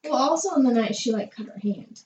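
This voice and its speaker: A woman's voice: on the high side, animated, crowd noise. A woman in a casual movie podcast chat, correcting the others and acting out scenes. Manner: quick to correct, acts out lines. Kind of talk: casual film review chat. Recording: echoey, dull, off-mic with hiss.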